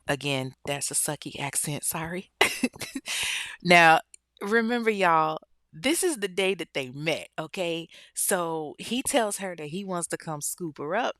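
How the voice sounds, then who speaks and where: A woman host tells a true-crime story in a loose, blunt way. She swears freely and keeps turning to her listeners. Her voice sits low and the recording is close and dry. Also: expressive, a little slow, a bit bright, dry recording. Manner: chatty, blunt and profane, with frequent asides to listeners. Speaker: podcast host.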